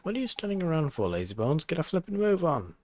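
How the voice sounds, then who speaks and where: A man's voice: on the high side, sing-song, fast talker, darkish tone, voice pushed up. A man voicing a cheeky, bossy little male fairy with a Welsh accent, chummy and scolding.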